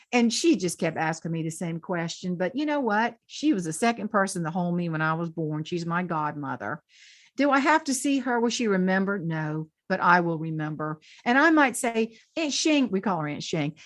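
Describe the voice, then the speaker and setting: A woman's voice: on the low side, dry recording. Folksy Southern woman with dry sound. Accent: Southern US, South Carolina Lowcountry. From Southern United States. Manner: folksy, animated, laughs often. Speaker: guest, humorist and speaker. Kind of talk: storytelling interview chat.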